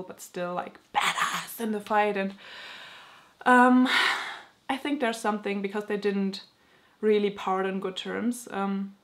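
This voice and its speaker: A young woman vlogger in casual chat, rambling excitedly and using many filler words. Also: mid-range voice, vocal fry. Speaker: book vlogger.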